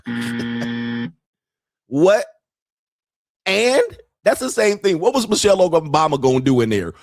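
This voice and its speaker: Brief: man in his fifties, host, fairly high voice, foul-mouthed mocking rant, dry close sound. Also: sing-song, takes it slowly, pauses often, no room sound. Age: 50s. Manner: profane, mocking, laughs at his own jokes. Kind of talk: comedic rant. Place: home studio.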